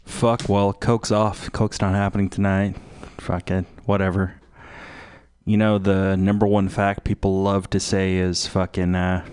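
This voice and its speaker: A man hosting a live community radio show, rambling slowly and swearing freely between music. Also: fairly low pitch, steady tone, a little mellow. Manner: profane, slow and meandering. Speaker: radio host.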